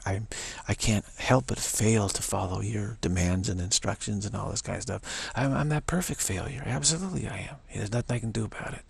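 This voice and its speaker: In a spiritual monologue, a man who teaches spirituality repeats affirmations again and again, sometimes dropping to a whisper. His voice is on the low side, creaky and slightly rough, and the recording is dry.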